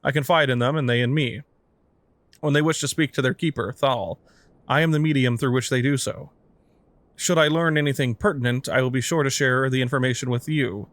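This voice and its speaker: A man reading aloud the lines of a gentle woman priest in a fantasy game, in a plain, even voice. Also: mid-range voice, fairly quick, dry recording, close to an everyday voice. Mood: earnest. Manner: reads quest text aloud in a plain, even voice.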